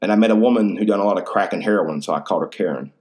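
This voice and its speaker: A man's voice: low voice, racing, a little mellow. Profane rambling man podcasting solo. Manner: rambling, profane, slangy storytelling. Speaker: podcast host. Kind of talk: casual solo podcast monologue.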